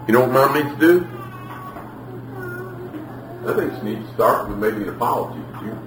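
Animated man preaching in an echoey hall. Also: medium pitch, a little fast. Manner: storytelling, asks the audience questions, acts out scenes. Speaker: speaker teaching on parenting. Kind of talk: preaching to a live audience. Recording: roomy hall, mic at a distance, faint noise.

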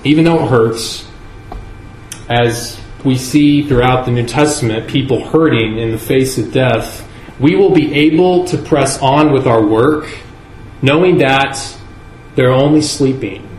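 A man preaching a sermon in a church, earnest and measured, leaning on key words with slow emphasis. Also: mid-range voice, a little mellow, slight background noise. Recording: echoey room with faint ambience.

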